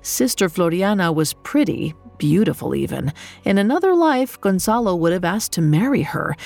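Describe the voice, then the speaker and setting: A woman narrating a scripted story in a measured, dramatic way. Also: fairly low pitch, vocal fry, a little mellow, dry recording. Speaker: podcast narrator.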